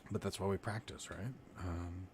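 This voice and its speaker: Very deep-voiced man teaching casually. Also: normal speed, slight background noise. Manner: relaxed, rambling, demonstrates while talking. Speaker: livestream meditation teacher. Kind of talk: casual live-stream instruction.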